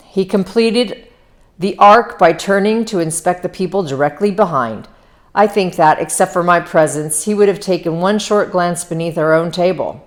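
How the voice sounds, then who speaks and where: A woman's voice: fairly low pitch, normal speed. A woman reading a novel aloud, now and then stumbling over words and correcting herself. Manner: stumbles over words, breaks off with casual asides. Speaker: reader. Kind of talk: amateur read-aloud of a novel.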